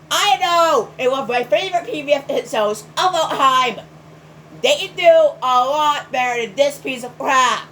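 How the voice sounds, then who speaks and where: Woman reviewer, high voice, slow delivery, ranting and sighing constantly. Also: slight background noise, poor audio. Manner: exasperated, sighs heavily between sentences; shouts in outbursts of indignation. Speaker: video reviewer.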